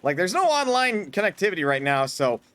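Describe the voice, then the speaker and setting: A man's voice: high-pitched, sing-song, fairly quick, a bit bright, dry recording. A man streaming a hard game, chatting casually, swearing often and breaking into mock-grand speeches. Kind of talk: casual gameplay commentary.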